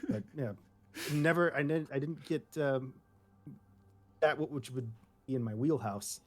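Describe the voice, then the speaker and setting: A man voice director chatting casually in a roundtable, playful and quick to slip into joke accents. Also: medium pitch.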